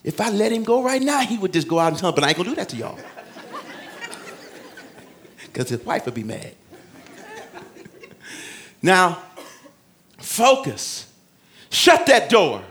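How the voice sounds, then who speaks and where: A man preaching a sermon in a folksy, joking way, swinging between loud shouted emphasis and hushed asides. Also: high voice, very animated, very fast, few pauses, some chatter behind. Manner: conversational, folksy preaching with humor.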